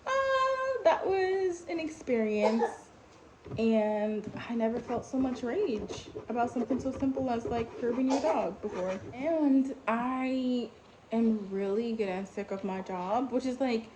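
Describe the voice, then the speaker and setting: A young woman with a New York accent telling a story in a casual vlog, animated and full of fillers as her outrage builds. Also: a little high, unhurried. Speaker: vlogger. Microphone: phone. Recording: faint background noise.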